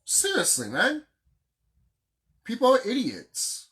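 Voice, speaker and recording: A vlogger in the middle of an unscripted rant, with a voice that leaps high and drops low as each point lands. The talk is heated and profane, and the speaker hammers lines home by repeating them. The pitch sits in an ordinary middle range. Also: huge pitch swings, slow, a bit bright. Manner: profane, heated and emphatic, repeats phrases for stress.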